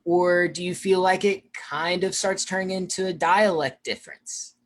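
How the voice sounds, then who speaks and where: Hurried presenter full of ums. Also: medium pitch, fairly even intonation. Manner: rushed, with frequent fillers. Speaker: featured speaker. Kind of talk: presentation on accents.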